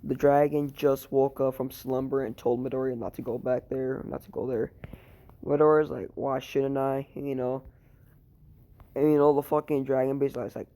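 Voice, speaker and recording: A man's voice: mid-range voice, flat delivery, brisk, dark tone. Tired young man rambling a crude story. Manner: rambling, crude, full of fillers and swearing. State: tired, sleepy. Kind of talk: improvised fan story narration.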